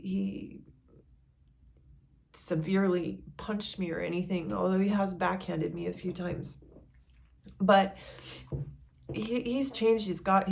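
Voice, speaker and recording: A woman's voice: medium pitch, creaky. A woman vlogger telling a personal story in a candid, conversational way.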